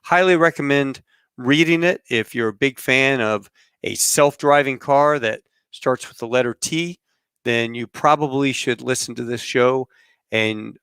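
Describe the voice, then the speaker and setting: A middle-aged podcast host rambles at a relaxed, measured pace, full of fillers and pilot shop talk and aviation slang. His middle-pitched voice is smooth and clear, with a dry, close sound and no room sound.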